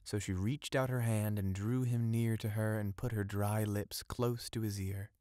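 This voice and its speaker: A man narrating an audiobook of a fairy tale in a measured storytelling manner. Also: lowish voice, steady tone, warm tone, dry recording, studio quality.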